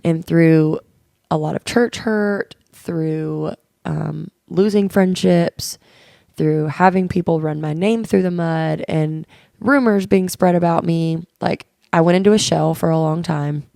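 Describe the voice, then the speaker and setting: A woman co-hosts a podcast in easy, candid conversation. Her voice sits a little low with a gravelly fry running through it, and the sound is dry and close. She tells stories earnestly and slips into quoted dialogue as she goes. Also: steady tone, a little slow, mellow, no echo. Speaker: podcast co-host.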